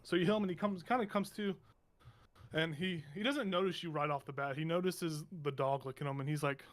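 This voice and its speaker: A man narrating a tabletop game as game master in a meandering, halting way with many restarts. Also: a little high, fairly bright tone. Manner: meandering, halting, self-correcting.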